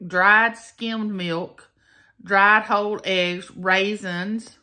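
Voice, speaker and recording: A woman's voice: mid-range voice, fairly even intonation, extremely slow, pushed and bright. A woman, chatting folksily to her viewers in a casual taste-test vlog. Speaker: vlogger.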